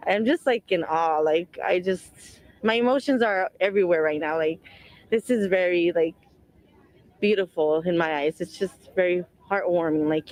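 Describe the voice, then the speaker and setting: A woman's voice: mid-range voice, a little mellow, rough recording. A woman who is a mother and a wildfire evacuee, answering interview questions in a rambling, earnest way, full of "like" and "you know", and speaking openly about her faith. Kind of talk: emotional on-the-spot interview answers. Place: outdoors at a donation site.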